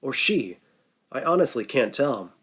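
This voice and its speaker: A man voicing a gruff, middle-aged male rescuer in an audiobook. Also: mid-range voice, very animated, unhurried, a bit bright, heavily acted. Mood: urgent. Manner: gruff, urgent.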